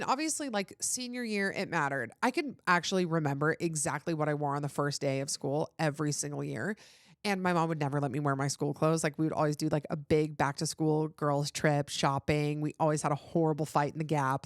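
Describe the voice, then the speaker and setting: A woman's voice: low-pitched, no room sound, studio quality. A woman hosting a podcast, talking in a candid, rambling casual chat with lots of "like.". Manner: candid, rambling, heavy use of "like". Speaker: podcast host.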